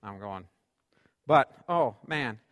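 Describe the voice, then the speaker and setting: A man preaching a sermon in a church, lively, with humorous asides. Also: mid-range voice, slow. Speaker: pastor. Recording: long hall reverb.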